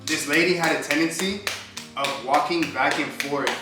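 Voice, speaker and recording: A man's voice: on the high side, normal speed, recorded from a distance. Slangy young man telling a story. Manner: animated storyteller, acts out quotes, slangy. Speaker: vlogger. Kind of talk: casual storytelling. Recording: echoey room, voice off-mic, music behind.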